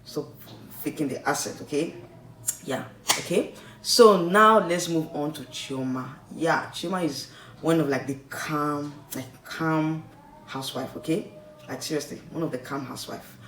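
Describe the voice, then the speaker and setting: A man's voice: a little high, unhurried, a bit bright. A man with a Nigerian accent, vlogging casual commentary in a rambling, chatty way that keeps checking in with the listener. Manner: chatty, rambling, keeps tagging "okay?" and "like, seriously". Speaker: vlogger reviewing a reality show. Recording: echoey room, distant mic, faint noise.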